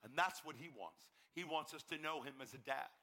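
Male conference preacher from Pennsylvania: bright, forceful tone, fast storytelling with shouted peaks. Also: fairly high pitch. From York, Pennsylvania, US. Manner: fast, urgent storytelling with sudden shouted bursts. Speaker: evangelist speaker. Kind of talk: conference testimony sermon.

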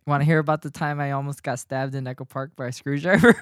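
A man's voice: on the high side, fairly even intonation, brisk, a bit bright, no echo, clean studio sound. An American man co-hosting a podcast, telling stories in a rambling, laughing, profane way. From United States. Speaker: podcast co-host. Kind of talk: casual chat.

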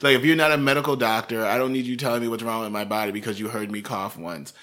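A man's voice: mid-range voice, fairly even intonation, fast, pushed and bright. A man in his twenties co-hosting a podcast in casual chat, talking bluntly and ranting with free swearing. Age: 20s. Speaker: podcast co-host.

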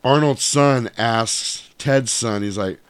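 A man's voice: medium pitch, takes it slowly, smooth, no echo. A man in casual chat, retelling a movie's plot in a profane, rambling way and correcting himself as he goes.

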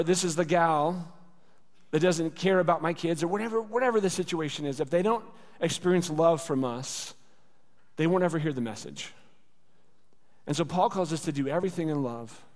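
A man's voice: fairly high pitch, a little fast, a little mellow. A man preaching a sermon as pastor, earnest and conversational, with lots of rhetorical repetition. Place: church sanctuary. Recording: long hall reverb.

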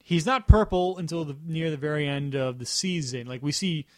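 On a clean, dry studio recording, a man with a somewhat high, slightly mellow voice speaks at normal speed. He co-hosts a podcast, rambling casually about a show and frequently restarting sentences.

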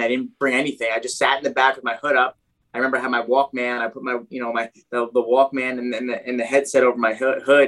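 Fast-talking man telling his story. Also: mid-range voice, a bit bright, rough recording. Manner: rambling, packed with "like" and "you know". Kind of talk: casual personal storytelling.

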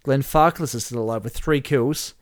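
Guy reading off game results, middle-pitched voice, dry close sound, gets excited at every kill. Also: moderate pace, no echo. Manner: animated play-by-play, chuckling at the results. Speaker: host running a whisky-themed game simulation. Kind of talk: casual chat, reading out game events.

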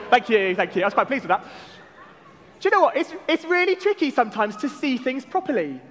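A man's voice: very high voice, fairly bright tone. A man leading a church service, joking and running a game with the congregation in a playful family-service style. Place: large church hall with a congregation. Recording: long church reverb.

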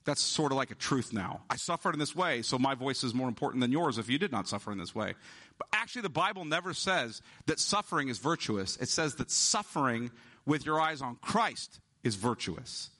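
Forceful, bright-voiced male preacher. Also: mid-range voice, lively intonation. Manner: emphatic preaching, slowing down to stress key words. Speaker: pastor. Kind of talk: sermon.

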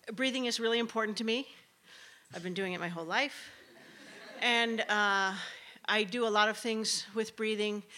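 A woman's voice: mid-range voice, bright, forceful tone. Chatty woman storyteller on stage. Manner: chatty, rambling, with many fillers. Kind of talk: live personal storytelling. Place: stage before a live audience.

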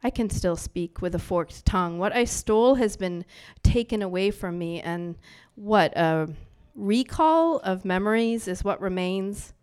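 A woman's voice: medium pitch, expressive, unhurried, a little mellow, smooth. A woman performing spoken-word poetry live on a bar stage, brash and profane, bantering playfully with the crowd between lines.

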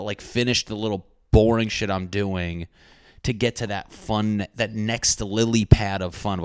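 A man hosting a rambling comedic monologue, excitable, profane and self-mocking. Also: fairly low pitch, clear, resonant tone, dry recording, studio quality.

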